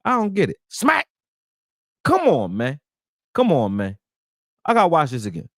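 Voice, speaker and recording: Here a young man's slightly high voice runs at normal speed as he hosts a casual, profane film breakdown of a football game. Animated and exasperated, he talks straight to viewers, calling them y'all. A close desktop mic and screen share give a studio-quality recording without echo.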